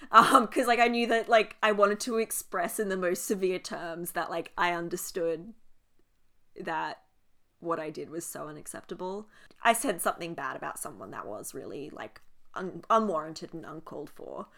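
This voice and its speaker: Australian woman, podcast co-host, lively casual chat, salty language. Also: on the low side, moderate pace, creaky. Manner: animated, swears freely, laughs often.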